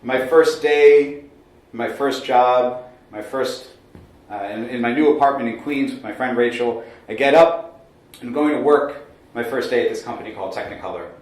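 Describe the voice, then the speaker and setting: A man's voice: mid-range voice, moderate pace. Guy in his 30s doing a funny solo story on stage, wry little asides, sounds far from the mic in a super echoey room. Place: small theater stage.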